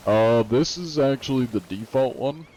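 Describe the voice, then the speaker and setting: A man's voice: medium pitch, moderate pace, a little mellow, slight background noise, poor audio. A young adult man streaming a game, chatting casually and answering viewers' questions in a laid-back, rambling way. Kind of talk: casual live-stream chat, reading chat questions.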